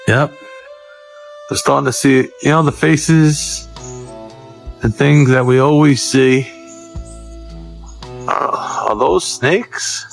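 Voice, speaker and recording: Slow, wry man reacting to clips. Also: mid-range voice, creaky, soft background music. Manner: wry, drawn-out quips. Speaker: host. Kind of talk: casual reaction commentary.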